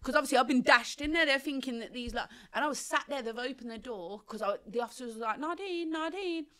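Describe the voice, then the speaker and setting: A woman, telling her life story as a guest on an interview show in animated, slangy talk, acting out the people she quotes. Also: fairly high pitch, quick pace. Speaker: podcast guest.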